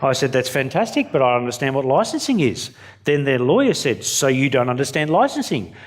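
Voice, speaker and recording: A man's voice: medium pitch, sing-song, a little fast. An Australian man giving a keynote speech to an audience, blunt and self-mocking, acting out what people said. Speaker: keynote speaker. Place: conference venue before an audience.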